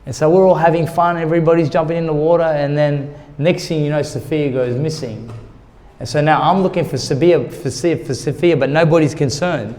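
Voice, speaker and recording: With a slightly mellow, somewhat high voice and fairly even intonation, this man speaks briskly. He's an ex-boxer candidly recounting his life in an interview, emotionally retelling conversations by voicing what others said. A long hall reverb surrounds the sound.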